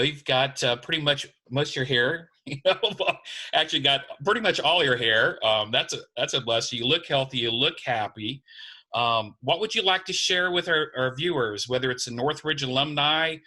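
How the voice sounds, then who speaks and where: Bright-voiced Ohio co-host asking friendly questions. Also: male voice, mid-range voice. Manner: friendly questions with light teasing. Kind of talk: casual video-call interview.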